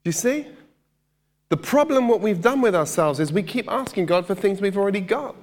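A man preaching in a relaxed, conversational way, often asking the congregation questions and dropping playful asides. His voice sits a little high for a man, and it carries a long reverb from the hall around him. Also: normal speed. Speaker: pastor. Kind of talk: sermon.

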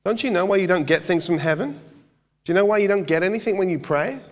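A man preaching in a relaxed, conversational way, often asking the congregation questions and dropping playful asides. His voice sits a little high for a man, and it carries a long reverb from the hall around him. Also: fast. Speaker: pastor. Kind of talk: sermon.

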